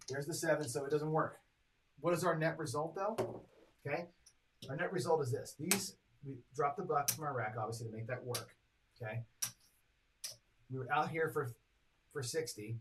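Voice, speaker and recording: Guy streaming craps, calling rolls and doing the math out loud, noisy background with clicks. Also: a little high, normal speed, long pauses. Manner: chatty, reads dice rolls and tallies bets aloud; talks to chat viewers directly. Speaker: craps strategy host. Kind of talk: casual live-stream commentary.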